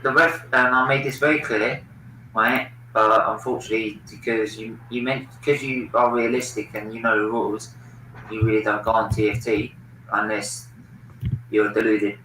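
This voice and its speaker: A man's voice: lowish voice, flat delivery, moderate pace, sharp tone, roomy sound, far from the mic, a little hiss or hum, poor audio. A man hosting a football watchalong stream, opinionated and swearing freely in casual chat.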